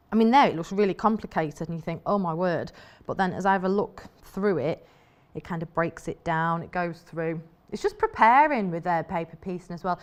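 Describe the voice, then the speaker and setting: A woman presenting live on a shopping channel in a TV studio, chatty and enthusiastic, rambling as she shows fabrics. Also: mid-range voice.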